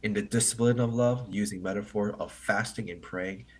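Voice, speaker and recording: A man hosting an online English meeting, explaining poetry to learners in a halting, think-aloud way and often checking with "right?". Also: lowish voice, fairly even intonation, a little mellow, slightly rough.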